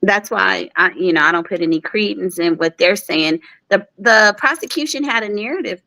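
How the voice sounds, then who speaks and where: A woman with a mid-range voice joins a casual talk as co-host. She reacts quickly and states her opinions plainly. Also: medium pitch, vocal fry, pushed and bright, rough recording. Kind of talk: casual commentary chat.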